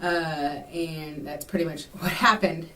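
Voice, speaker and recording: A woman's voice: low-pitched, steady tone, a little slow, sharp tone, recorded from a distance. A young woman from Texas telling a rambling personal story in a casual vlog, full of ums and likes. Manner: chatty, rambling, with many fillers. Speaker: vlogger.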